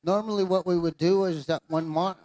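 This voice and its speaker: A man's voice: high voice, fairly even intonation, brisk, darkish tone. A man emceeing a pow wow, announcing live to dancers and crowd in an easygoing, joking way. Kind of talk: live event announcing over a PA. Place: outdoor pow wow arena.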